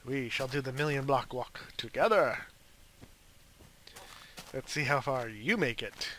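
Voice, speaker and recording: A man's voice: mid-range voice, measured pace, bright, forceful tone. A young man rambling casually through gameplay commentary, chatting and talking fondly to his pet wolf. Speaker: gaming video host.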